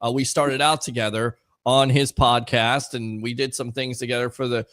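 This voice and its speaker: A male host of a sports talk show, talking fast and with emphatic energy. His voice sits at a middle pitch. The sound is close and dry. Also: fairly even intonation, a bit bright, no room sound. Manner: hyped, quick and emphatic.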